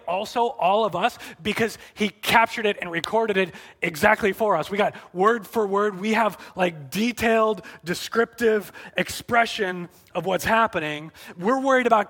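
Male pastor, sermon delivery, bright and fairly high voice; earnest, animated, shifts into hushed intimacy. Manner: earnest and animated, acting out quotes then dropping to soft intimate tones.

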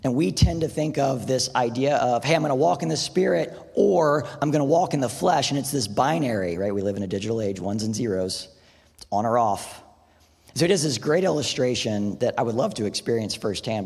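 A man's voice: on the low side, lively intonation, brisk, darkish tone, slightly rough. A man preaching a sermon in a casual, conversational way, often saying "like" and "right?". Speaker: pastor. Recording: long hall reverb.

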